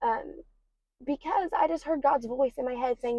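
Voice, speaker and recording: A woman's voice: high voice, moderate pace, darkish tone, no echo. A young adult woman hosting a podcast, speaking candidly about her own life in rambling, casual talk full of ums and likes. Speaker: podcast host. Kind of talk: personal confessional podcast talk. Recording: slightly dull lo-fi recording.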